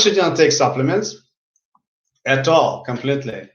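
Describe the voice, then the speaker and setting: A man's voice: mid-range voice, moderate pace. A man who works as a healer tells a story in casual speech, often repeating and restarting his words. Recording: roomy, dull lo-fi sound.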